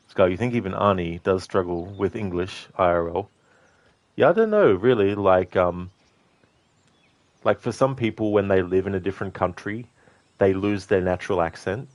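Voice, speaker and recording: A low-voiced man with an Australian accent gives casual gameplay commentary as a streamer. He talks in a relaxed, chatty way, full of "you know" fillers as he answers chat. The sound is dry and close, with no room around him. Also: moderate pace, no echo. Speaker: gaming streamer.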